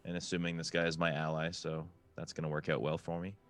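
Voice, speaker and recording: A man's voice: very deep voice, flat delivery, fast talker. A man playing a tabletop game, hesitantly talking through his turn. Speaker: player. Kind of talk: casual tabletop play.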